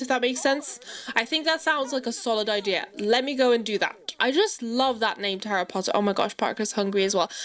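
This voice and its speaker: A woman's voice: medium pitch, a bit bright. A woman hosting a gaming channel, chatting through her gameplay with lots of exclamations and playful scolding of her characters. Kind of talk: casual gameplay commentary.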